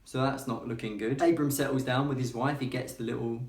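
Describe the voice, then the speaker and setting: A man's voice: medium pitch, fairly even intonation, brisk, a little mellow. Irreverent man in an echoey room. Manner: irreverent, sardonic, conversational. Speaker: vlogger. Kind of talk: comic Bible retelling vlog. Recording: roomy echo.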